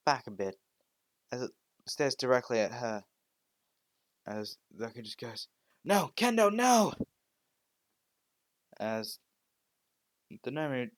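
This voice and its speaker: A man's voice: medium pitch, dry recording. A man narrating an improvised fan story in a rambling way, with frequent restarts and "well"s.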